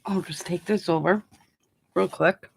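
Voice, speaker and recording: A woman's voice: on the low side, fairly even intonation, a little slow, creaky, breathy edge. A woman hosting a casual crafting livestream, chatting loosely as she works and chewing gum while she talks. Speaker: craft channel host.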